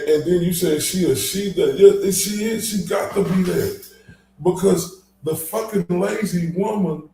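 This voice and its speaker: A man's voice: fairly high pitch, warm tone, slight background noise. A man hosting a casual livestream, ranting with heavy profanity and reading chat comments aloud. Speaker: livestream host. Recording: echoey room, voice from far off.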